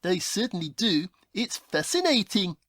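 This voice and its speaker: A woman's voice: medium pitch, sing-song, a little slow, fairly bright tone, no room sound. A woman voicing a prim, haughty male detective in a comedy audio play, with a formal, fussy, scolding manner.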